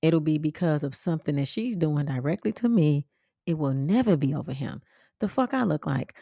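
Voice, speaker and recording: A woman, telling personal stories as a podcast host in a blunt, animated way, swearing freely and jumping into sharp high exclamations. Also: dry recording, studio quality. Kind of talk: casual storytelling monologue.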